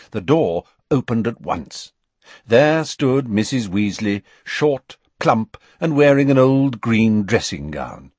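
Husky, expressive male audiobook narrator. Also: medium pitch, no room sound. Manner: measured, expressive storytelling. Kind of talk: scripted narration.

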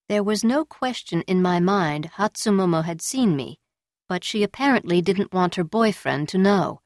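A woman's voice: lowish voice, lively intonation, no echo. Woman narrating a novel, dry close voice. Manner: measured, storytelling. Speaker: audiobook narrator. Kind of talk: scripted narration.

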